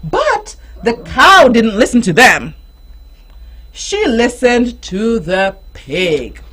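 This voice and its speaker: A woman reads a children's story aloud in a high, very expressive voice that swoops up and down. She speaks slowly and gently, pausing to quiz a child and playfully voicing animal sounds. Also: slightly rough. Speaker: host reading a picture book to a child. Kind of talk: storybook reading with teaching questions. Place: radio studio.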